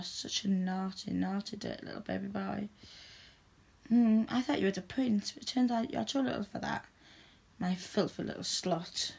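Woman, adult audio role-play, commanding and mocking, mid-pitched with a rough edge. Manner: stern, teasing, commanding.

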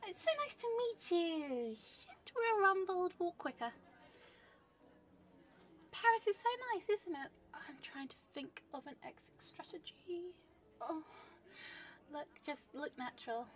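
A woman doing a comedic spy role-play monologue, flustered, swinging between loud romantic gushing and hushed whispers. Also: high-pitched, lively intonation, slow pace, recorded from a distance. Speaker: narrator playing a spy to the listener.

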